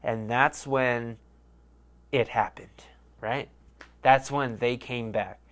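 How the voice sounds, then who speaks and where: A man's voice: medium pitch, steady tone, takes it slowly, fairly bright tone. Young guy rambling on his sports podcast, swears a lot, jokes at himself. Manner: rambling, profane, self-mocking. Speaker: podcast host. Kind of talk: casual rambling monologue.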